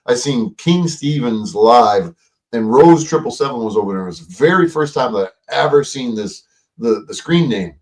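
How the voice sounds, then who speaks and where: A man's voice: medium pitch, animated, moderate pace, darkish tone, distant mic. A man hosting a casual livestream, rambling and swearing, with lots of fillers and restarts. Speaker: livestream host.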